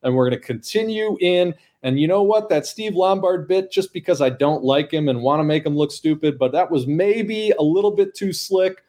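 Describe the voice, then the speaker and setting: A man co-hosting a podcast, chatting casually and enthusiastically about comic art, breaking into excited exclamations. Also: on the high side, normal speed, few pauses. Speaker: podcast co-host.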